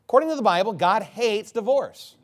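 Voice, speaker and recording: A man preaching an expository sermon, animated and mocking, reading scripture aloud and breaking into impressions. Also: high voice, fairly quick.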